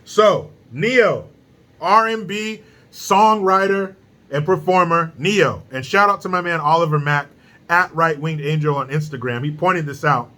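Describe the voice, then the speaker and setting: A man's voice: on the high side, measured pace, sharp tone. A man hosting his own opinion commentary, talking bluntly and sarcastically, with frequent swearing. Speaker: political commentary host.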